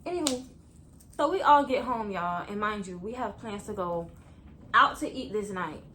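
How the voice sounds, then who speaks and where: A young woman vlogger telling a story to her viewers in a chatty, animated way. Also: mid-range voice, moderate pace, a little hiss or hum. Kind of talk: story time vlog.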